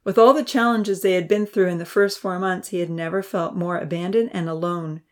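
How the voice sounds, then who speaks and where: A woman narrating a children's storybook, voicing the characters with a higher pitch and dropping to a whisper for quiet thoughts. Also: steady tone, a little fast. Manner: reads characters' lines with raised pitch and soft whispers.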